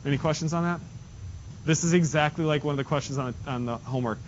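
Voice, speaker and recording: A man's voice: a little high, fast. A male math teacher working through problems with his class step by step and making joking asides. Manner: talks students through steps, jokey asides. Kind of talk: classroom lesson. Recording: dull lo-fi classroom recording with faint hiss.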